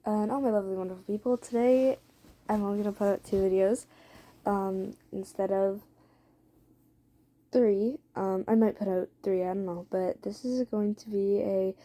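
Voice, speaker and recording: A woman casually narrating an improvised story to her viewers in a rambling, chatty way, swearing and filling pauses with "um.". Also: medium pitch, steady tone, dark tone. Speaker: storyteller for listeners.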